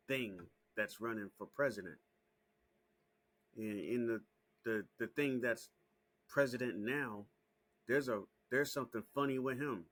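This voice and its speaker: A man hosting his own small channel, ranting straight to camera in a heated, profane, repetitive way that climbs into shouting. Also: mid-range voice. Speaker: small YouTube channel host. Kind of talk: casual direct-to-camera rant.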